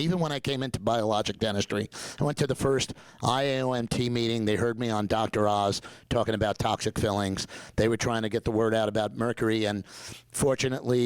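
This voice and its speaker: A middle-aged man with a New York accent delivers a lively, joking conference talk, pushing his points with emphatic repetition. His voice sits at an ordinary pitch for a man. The sound is dry, with little room around it. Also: no echo, poor audio. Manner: animated, joking, emphatic storyteller. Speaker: dentist giving a talk. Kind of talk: conference presentation.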